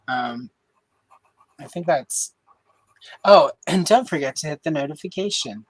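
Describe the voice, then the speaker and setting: A woman's voice: deep voice, animated, unhurried, pauses often, breathy edge, dry recording, rough recording. A woman hosting a live stream, chatting casually and joking at her own expense. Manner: chatty and self-deprecating. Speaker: host.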